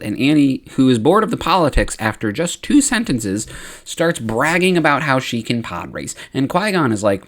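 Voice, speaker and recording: A man retells a story for laughs, his narration bouncing with lively pitch. He keeps dropping into quick, playful character voices along the way.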